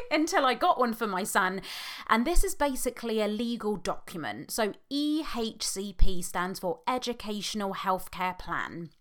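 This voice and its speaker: A woman's voice: mid-range voice, a bit bright. Earnest British woman hosting a podcast. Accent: British English. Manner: earnest, heartfelt, halting with fillers. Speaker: podcast host and hypnotherapist. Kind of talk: personal podcast monologue.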